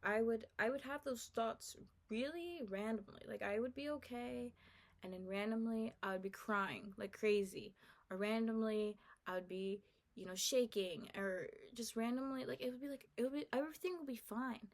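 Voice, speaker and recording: A young woman telling a personal story in a soft, earnest, confiding way, halting and full of "like" and restarts. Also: a little high. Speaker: vlogger. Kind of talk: personal testimony, casual storytelling.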